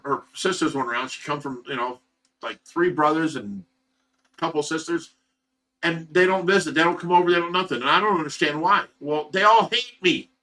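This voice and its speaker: Rambling man telling a story, bright voice. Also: a little high. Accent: Ohio. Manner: rambling, repetitive, many fillers and restarts. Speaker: livestream host. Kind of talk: casual storytelling to viewers. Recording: voice some distance from the mic.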